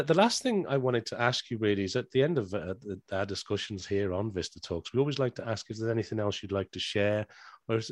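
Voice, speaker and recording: A man's voice: fairly low pitch, no room sound, clean studio sound. A man hosting a podcast interview, encouraging and a bit hesitant, often repeating words as he asks questions. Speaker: podcast host.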